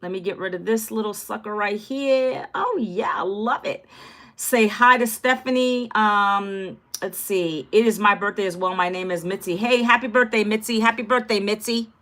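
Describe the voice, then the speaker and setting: A woman's voice: medium pitch, normal speed, fairly bright tone. A woman in her fifties, a content creator, chatting casually on a livestream, greeting viewers by name in an upbeat, chatty way. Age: 50s.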